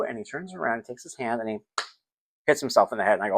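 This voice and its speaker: A man's voice: lowish voice, quick pace. A middle-aged man hosting a casual solo podcast, telling stories about his son and acting out the scenes. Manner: animated, acts out scenes, sings snippets. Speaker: podcast host.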